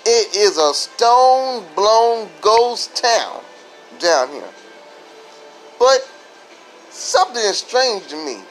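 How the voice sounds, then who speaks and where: A man's voice: sits high, a bit bright, rough recording. A man from Florida doing a rambling stand-up style comedy monologue, with sudden voice jumps and silly sound effects.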